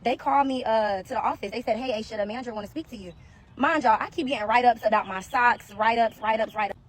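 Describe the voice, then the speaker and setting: Fast-talking woman telling a storytime. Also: on the high side. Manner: animated, acts out other people's lines. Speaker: former security guard telling her story. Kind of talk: casual storytime.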